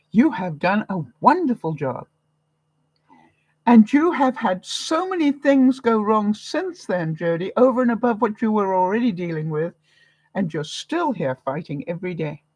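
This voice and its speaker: A woman's voice: mid-range voice, very animated, unhurried, darkish tone, no room sound, poor audio. A woman from Canada hosting a live vlog, giving viewers an encouraging, motherly pep talk. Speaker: vlogger host. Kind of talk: live-stream chat with viewers.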